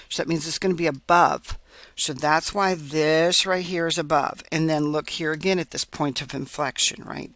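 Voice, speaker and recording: Man, math teacher, step-by-step explaining, frequent "okay?" check-ins, a little high-pitched, dry close recording. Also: gravelly, a bit bright, no echo. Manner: checks in often with "right?" and "okay?"; explains step by step while drawing on a graph.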